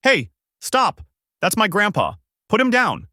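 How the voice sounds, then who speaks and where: An eager, innocent boy with a monkey tail, naive and cheerful, as a man puts him on. The voice is lifted well above a normal speaking pitch and bounces around. The sound is dry and close. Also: sing-song, measured pace, a bit bright, no room sound, exaggerated voice. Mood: alarmed.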